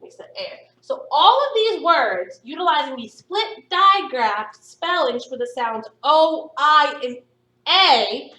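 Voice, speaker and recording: Woman phonics teacher, high voice, slow and encouraging, recorded off-mic in a roomy space. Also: expressive, pushed and bright, distant mic. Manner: slow, stretched-out sounding of words for young pupils; encouraging, upbeat praise. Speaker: primary school teacher. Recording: echoey room, voice somewhat off-mic.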